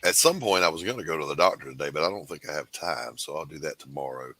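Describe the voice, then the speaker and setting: A man with a very deep but lively, bouncing voice co-hosts a casual livestream chat. He sounds bright and upbeat, jokes around and reads the chat aloud. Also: quick pace, dry recording, poor audio. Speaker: co-host.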